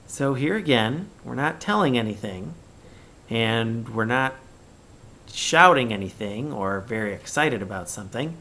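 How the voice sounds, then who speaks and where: A man teaching young children in a recorded remote lesson, speaking slowly and deliberately and reading example sentences with exaggerated expression. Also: medium pitch, expressive, sharp tone, slight background noise.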